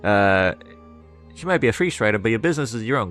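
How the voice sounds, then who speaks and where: A male streamer with a low voice plays a game live, reading its lines aloud with relish and cracking jokes in between. Faint music runs underneath. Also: expressive, quick pace, a bit bright. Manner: joking, laughs often, reads dialogue with relish.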